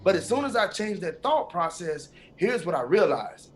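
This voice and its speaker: Male co-host, animated storyteller, slightly high voice, light background noise. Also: normal speed. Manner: animated storytelling, acts out quotes. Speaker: podcast co-host. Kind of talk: motivational talk.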